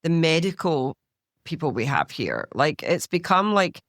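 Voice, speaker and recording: A woman's voice: low voice, a little slow, no echo. Glaswegian woman in her fifties, blunt storytelling podcast guest, dry close mic. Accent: Glaswegian Scottish. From Scotland. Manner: blunt, swears freely, animated storyteller. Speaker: guest, stylist. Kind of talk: casual podcast chat.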